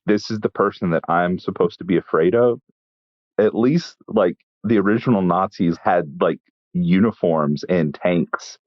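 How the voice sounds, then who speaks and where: Casting: low-pitched male chef from Texas, dry deadpan raconteur, muffled close podcast mic. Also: unhurried, no room sound. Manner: wry, deadpan storytelling with frequent restarts. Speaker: chef and guest. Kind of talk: casual interview storytelling.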